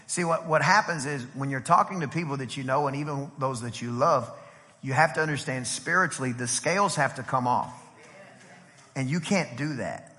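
A middle-aged man preaching a sermon as pastor, lively and conversational, acting out quotes as he goes. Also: mid-range voice. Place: church sanctuary. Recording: long hall reverb from a church.

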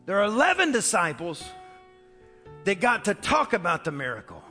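High-voiced storytelling male pastor. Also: moderate pace. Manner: storytelling, animated, casual slang. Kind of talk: sermon. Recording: echoey church hall with faint music.

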